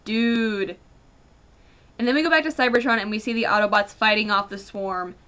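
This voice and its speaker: A woman giving a casual, rambling review of a comic, animated and full of fillers. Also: mid-range voice, normal speed.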